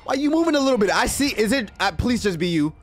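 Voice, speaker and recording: Male let's-play host, high and very animated delivery, profane and jumpy, screams at scares, faint game music behind. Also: quick pace. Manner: excitable, profane, yelps and shouts when startled. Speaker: gaming video host.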